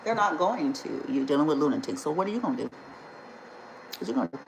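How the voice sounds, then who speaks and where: A woman's voice: sits low, sing-song, quick pace, creaky, echoey room, slight background noise, low-quality recording. A woman speaking as a spiritual healer in a casual vlog, blunt, indignant and emphatic, and she swears freely.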